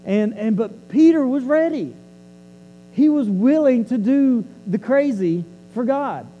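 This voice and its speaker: A man's voice: very high-pitched, animated, slow, long reverb tail, muffled recording, slight background noise. A man preaching a sermon in a conversational storytelling way, often repeating and restarting words.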